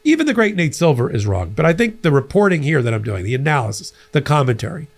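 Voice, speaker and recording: A middle-aged man hosting a political commentary show, talking in an animated, conversational way with frequent restarts. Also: a little high, fast, vocal fry. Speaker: host.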